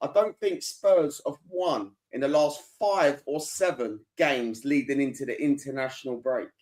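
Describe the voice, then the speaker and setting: A man's voice: mid-range voice, unhurried, a little mellow. A man hosting a casual football podcast, reading viewer comments and telling stories animatedly.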